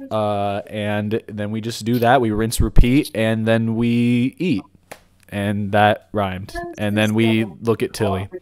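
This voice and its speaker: A young man hosting a casual podcast chat, rambling and restarting his sentences, quick to laugh. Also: on the low side, level tone, a little mellow. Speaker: podcast host.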